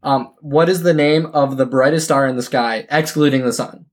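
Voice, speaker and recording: A man's voice: medium pitch, fairly even intonation, moderate pace. A young man chats on a podcast. He rambles and thinks aloud, filling his sentences with casual fillers as he steers toward a point. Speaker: podcast host.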